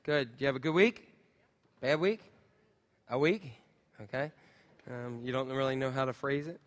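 A man preaching a casual sermon, chatting with the congregation and filling pauses with ums. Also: medium pitch, long reverb tail. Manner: chatty, talks with the crowd, many ums. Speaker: pastor.

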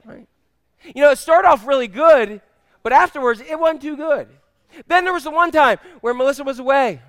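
A man's voice: very high voice, moderate pace, fairly bright tone, dry recording, clean studio sound. A middle-aged man preaching a sermon, telling family stories in a conversational way and asking the audience questions. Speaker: pastor.

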